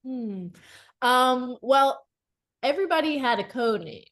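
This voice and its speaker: Her voice sits high and unhurried as she co-hosts a podcast, chatting loosely about dating experiences. Animated and filler-heavy, she breaks into laughter often.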